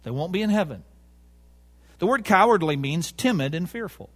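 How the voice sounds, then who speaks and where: A man's voice: high-pitched, expressive, moderate pace, a bit bright. A man preaching a sermon, emphatic, repeating key words and asking the congregation rhetorical questions.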